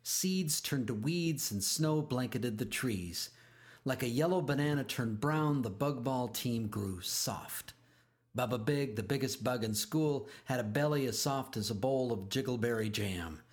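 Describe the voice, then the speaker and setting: A man reads a children's storybook aloud at a middling pitch. He is expressive and drags out key phrases for emphasis. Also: unhurried. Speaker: narrator.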